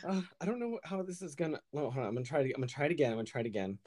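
Man, podcast host, casual chat, playful, giggly, very lively pitch. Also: very fast.

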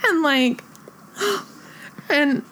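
Young woman rambling excitedly about a movie, kinda high voice, says like a lot. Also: drawn-out words, a little hiss or hum. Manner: excitable, gushing, many "like" fillers. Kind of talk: casual chat about a film.

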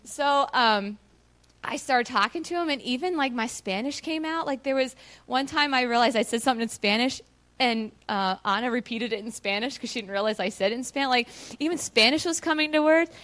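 A woman with a fairly high voice tells her church about a mission trip. She talks in an earnest, chatty way with plenty of fillers and acts out the dialogue of her story with animation. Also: fairly quick, fairly bright tone. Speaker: mission team member sharing a testimony. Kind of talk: personal testimony to a church audience.

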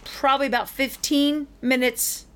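A middle-aged woman hosting a podcast, telling a story in a casual, animated way and acting out the other people in it. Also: high-pitched, moderate pace, clear, resonant tone. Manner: animated, acts out the people in her stories.

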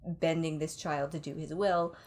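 A woman co-hosting a podcast in casual chat, recounting things in an animated way with laughs mid-sentence. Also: deep voice, moderate pace. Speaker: podcast co-host.

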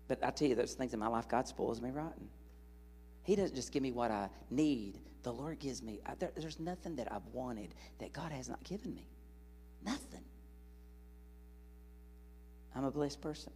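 A man preaching a sermon in a large church hall, an animated, joking storyteller speaking into a stage microphone. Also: medium pitch, slight background noise.

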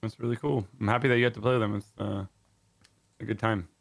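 A man co-hosting a casual podcast, relaxed and easygoing. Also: fairly low pitch, fast talker, creaky, dry recording. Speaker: podcast co-host.

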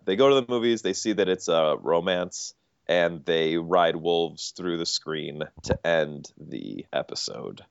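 A man co-hosting a podcast, recapping cartoon episodes at length in a casual, animated way. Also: low-pitched, unhurried, vocal fry, smooth, dry recording. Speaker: podcast host. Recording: dull, dry podcast audio.

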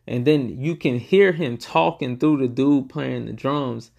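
A young man giving casual reaction commentary, excitable and profane, retelling scenes in quoted bursts. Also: medium pitch, a little slow, creaky, dull audio. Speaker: reaction video host.

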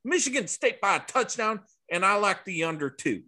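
A man voicing a brash, foul-mouthed Southern sports bettor, doing a loud, cocky impression with a Southern accent on a podcast. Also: sits high, very animated, moderate pace, voice pushed up, exaggerated voice.

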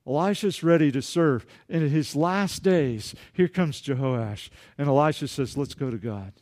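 A man preaching a sermon, animated, acting out voices in the story and joking with the congregation. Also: fairly high pitch. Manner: animated, acts out dialogue, jokes with congregation. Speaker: pastor.

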